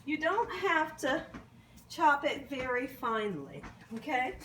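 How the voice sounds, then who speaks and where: Her voice is high and sing-song, slow, with a sharp tone, and there's slight background noise. This woman hosts a cooking show from her home kitchen, keeping up a chatty, encouraging flow and frequently asking viewers "you hear me?"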